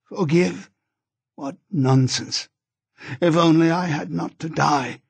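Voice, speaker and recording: A man voicing a dying woman full of bitter, delirious hatred, speaking slowly with pauses between words. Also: fairly high pitch, expressive, creaky, a bit bright, slightly rough, voice pushed up, heavily acted. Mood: frantic.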